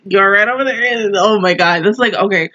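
A young woman in her twenties hosting an anime reaction, telling stories in a casual, animated way that keeps breaking into laughter. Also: medium pitch, fairly quick. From Southern United States. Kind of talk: casual review chat. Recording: dull lo-fi mic sound.

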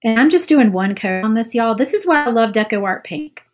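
A woman's voice: on the high side, expressive, a little fast. A woman chatting casually while she paints on a livestream, self-doubting and saying "y'all" often. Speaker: craft livestream host.

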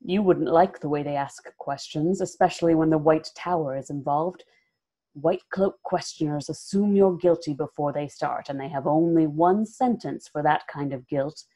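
Lady doing an old minstrel guy, scornful, low and kinda menacing soft. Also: moderate pace. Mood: ominous. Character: old male traveling minstrel, scornful and wary.

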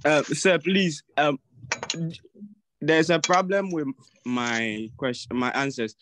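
A man's voice: a little high, slow pace, background noise. A young man with a Ghanaian English accent, a student hesitantly querying his exam marks and restarting sentences.

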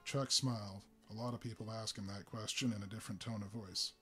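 A man giving a live reading of a story, relaxed, with small slips and fillers. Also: lowish voice, fairly quick, husky, soft background music. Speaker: reader.

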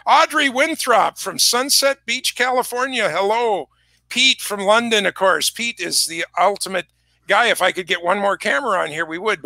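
A chatty man hosting an online concert pre-show with a high, gravelly voice that is bright and sharp. He rambles from story to story in easy conversation, recorded dry with little room sound. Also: dry recording. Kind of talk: casual chat. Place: music shop.

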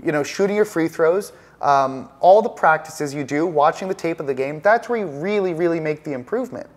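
A man's voice: on the high side, lively intonation, a little fast. A man, a professional trader, talking as the guest in an indoor interview, intense and emphatic, often repeating words as he builds a point. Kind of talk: conversational interview. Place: penthouse apartment, indoors.

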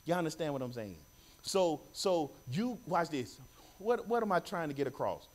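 A man preaching a sermon in church, animated, repeating phrases and calling for responses from the congregation. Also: on the high side, moderate pace.

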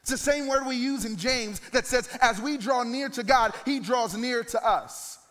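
Pastor in his thirties, high-pitched man, preaches with build-ups to loud peaks; reverberant church hall. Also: moderate pace. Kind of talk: sermon.

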